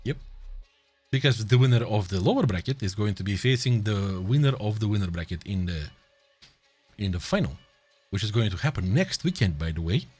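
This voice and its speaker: Man, Russian accent, esports caster, lively up-and-down pitch, chatty and joking, faint music behind. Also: a little fast, husky. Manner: casual, chatty, joking, laughs often. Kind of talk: live esports commentary chatting with stream chat.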